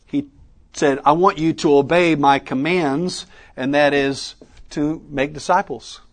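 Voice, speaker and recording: Guy teaching a ministry workshop, kinda high voice, keeps asking the room questions. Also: fairly even intonation, a little slow. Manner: interactive, quizzing the audience with questions; Southern "y'all" in speech. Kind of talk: teaching session. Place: conference room with a live audience.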